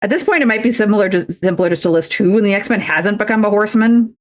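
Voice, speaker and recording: A woman's voice: mid-range voice, fast talker. A woman livestreaming, chatting casually while crafting, rambling and self-deprecating with frequent restarts.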